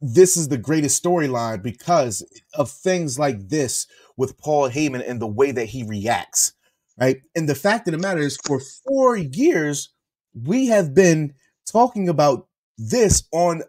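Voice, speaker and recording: A man co-hosting a wrestling review podcast, chatting in an animated way and laughing often. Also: on the high side, measured pace. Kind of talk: casual podcast chat.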